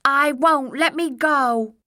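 A woman reading a storybook, voicing a scrappy, cowardly male goblin in a squeaky high voice. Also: slow, pushed and bright, no echo, clean studio sound, heavily acted. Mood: stubborn. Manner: high and shrill, whining when scared.

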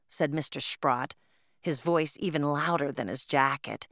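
A woman's voice: deep voice, measured pace, a bit bright, dry recording, clean studio sound. Woman narrating a first-person story. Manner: plain storytelling, first person as a twelve-year-old girl. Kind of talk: audiobook narration.

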